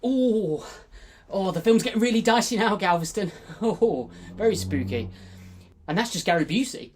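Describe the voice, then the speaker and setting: A woman's voice: mid-range voice, animated, normal speed, a little hiss or hum. A woman from the United Kingdom co-hosting a film review with playful, ironic exclamations. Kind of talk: comic film commentary.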